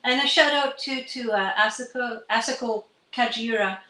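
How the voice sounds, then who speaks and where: A woman's voice: fairly high pitch, moderate pace, bright, forceful tone, echoey room, a little hiss or hum, poor audio. A middle-aged woman from Canada, a musician guest chatting casually and rambling with many fillers. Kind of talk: casual livestream chat.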